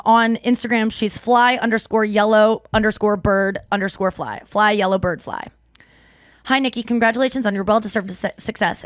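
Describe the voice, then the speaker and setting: Female podcast host, casual and animated, reads fan mail with asides, dry close mic. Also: medium pitch, no room sound. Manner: animated, laughing, reads letters aloud with asides. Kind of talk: casual podcast chat, reading listener mail.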